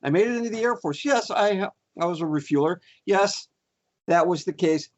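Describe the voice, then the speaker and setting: A man's voice: high-pitched, expressive, a little fast. A man doing a boastful, rambling mock senator. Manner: rambling, boastful, full of fillers. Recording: dull lo-fi podcast audio.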